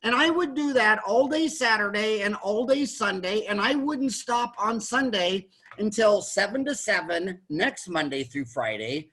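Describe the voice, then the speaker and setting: A man in his sixties who hosts a podcast, telling stories in a casual chat, animated, stumbling into restarts and acting out the people he quotes. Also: high voice. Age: 60s. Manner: animated storyteller, quick restarts, acts out quotes. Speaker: podcast host, dentist.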